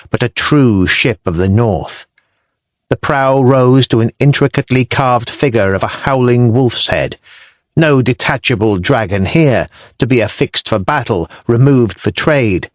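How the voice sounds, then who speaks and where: A man reading a historical audiobook in measured, descriptive storytelling, recorded on a close studio mic. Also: medium pitch, dry recording. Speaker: audiobook narrator. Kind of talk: scripted narration.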